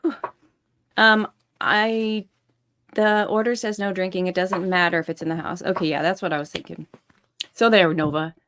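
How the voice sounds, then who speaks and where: A woman hosting a casual chat stream, blunt and teasing, thinking out loud. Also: lowish voice, fairly even intonation, normal speed, long pauses, a little hiss or hum. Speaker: stream host.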